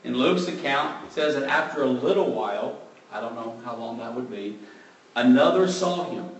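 A man giving a conversational Bible teaching, relaxed and thinking aloud, openly admitting what he is unsure of. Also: medium pitch, normal speed. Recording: very echoey room, mic far off, faint background noise.

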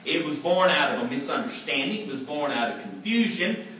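A man's voice: a little high, animated, fairly quick, fairly bright tone. A man preaching a sermon in an earnest, emphatic way, repeating his key phrases for weight. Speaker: pastor. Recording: echoey room, from far off, faint background hum.

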